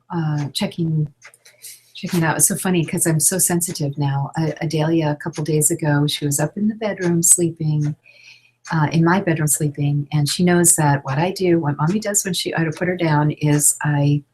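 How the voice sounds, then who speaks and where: A woman's voice: low voice, a little mellow, a little hiss or hum, poor audio. A middle-aged woman teaching an online class, talking casually with many fillers and restarts. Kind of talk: casual teaching, reading out questions.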